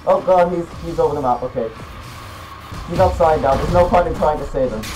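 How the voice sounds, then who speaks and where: Excitable teen gamer yelling at his game. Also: fairly high pitch, a little fast, soft background music, low-quality recording. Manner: excitable, swearing, yelling outbursts. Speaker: gaming YouTuber. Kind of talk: gameplay commentary.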